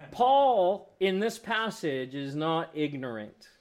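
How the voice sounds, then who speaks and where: Guy preaching, chatty sermon, bit of a higher voice, does little voices for examples. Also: very animated, slow. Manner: conversational, acts out quoted voices. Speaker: pastor.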